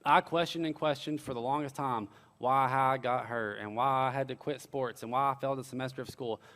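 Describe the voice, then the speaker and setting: A man's voice: mid-range voice, fairly even intonation, brisk, fairly bright tone, big-room sound. A young man preaching a sermon, telling stories with earnest, casual asides. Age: young adult. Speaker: pastor.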